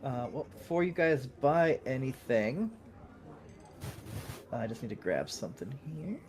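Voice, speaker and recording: A man narrating a tabletop game as dungeon master in a relaxed, meandering way. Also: mid-range voice, measured pace, noisy background.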